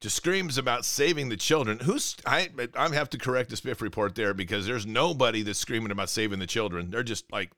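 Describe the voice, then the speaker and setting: A man's voice: medium pitch, animated, moderate pace, creaky, sharp tone, no room sound, clean studio sound. Indignant man ranting over the news. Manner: indignant, sarcastic, reads news items aloud. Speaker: commentary show host. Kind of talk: ranting political commentary.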